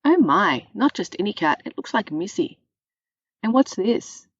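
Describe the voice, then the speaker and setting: A woman's voice: mid-range voice, big pitch swings, a little slow, husky, no echo, lo-fi sound, voice pushed up. A woman reading a storybook voicing a jolly middle-aged father who drawls delighted exclamations.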